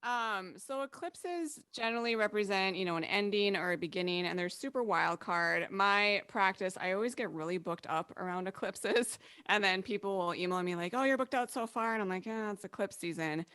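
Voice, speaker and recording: A chatty woman astrologer in a casual podcast conversation, her voice close and dry with no room around it. She laughs easily and slips into little quoted voices of the people she works with, at a mid pitch. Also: moderate pace, hardly any pauses, fairly bright tone, clean tone, dry recording.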